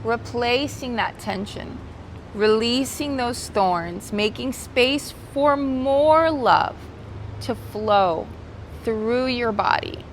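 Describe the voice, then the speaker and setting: A woman's voice: fairly high pitch, a little hiss or hum. Soothing woman guiding a yoga class. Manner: gentle, soothing, unhurried cues; slips into Spanish cues. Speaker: yoga instructor. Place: outdoors by the ocean.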